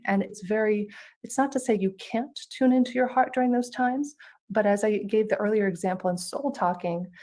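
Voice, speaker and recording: A woman speaker gives a spiritual talk in an even, mid-pitched voice. She tells her stories in a gently instructive manner and guides the listeners. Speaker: conference speaker and author.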